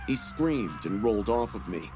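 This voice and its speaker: A man giving a scripted first-person horror narration in a steady, grim storytelling manner. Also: fairly low pitch, normal speed, over music.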